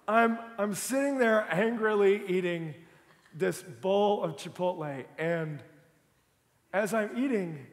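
Lively comic pastor, bright high voice, booming church-hall echo. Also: male voice. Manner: animated, comic storytelling, bursts of shouting. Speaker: lead pastor. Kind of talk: sermon with humorous personal story. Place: church auditorium. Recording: long reverb of a large church hall.

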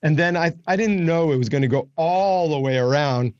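A man's voice: a little high, normal speed, a little mellow, no room sound, dull audio. A man in his seventies chatting as a guest, laughing easily and restarting his sentences. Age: 70s. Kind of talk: casual chat.

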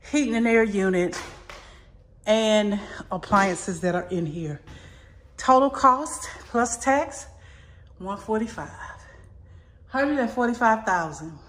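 A woman giving a casual, chatty tour of a modular home, somewhat out of breath, recorded on a handheld phone indoors. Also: a little high. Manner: chatty, repeats "really lovely". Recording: echoey empty rooms.

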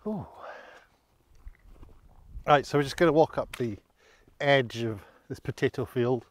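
This man from Scotland speaks a little slowly in a mid-range voice, captured in a dry recording. He narrates a casual countryside walking vlog in a rambling, chatty, self-deprecating way, getting a bit out of breath on the uphill stretches.

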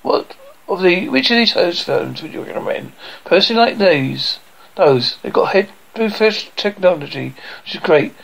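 A man's voice: high-pitched, lively intonation, moderate pace, vocal fry, fairly bright tone, low-quality recording. A man performing a one-man reading of a sitcom script, voicing every part himself and reading the stage directions aloud.

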